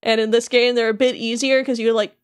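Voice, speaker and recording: A woman's voice: fairly high pitch, level tone, a little fast, clear, resonant tone. A young adult woman co-hosting a podcast, recapping a game in casual chat and filling her talk with "like". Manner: chatty, heavy use of "like", acts out characters' lines. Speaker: podcast co-host.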